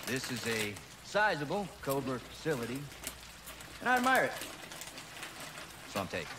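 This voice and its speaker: An actor playing a smug military commander, speaking calmly and condescendingly with threats underneath. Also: male voice, mid-range voice, normal speed, background noise. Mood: menacing calm. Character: smug menacing military commander, adult man.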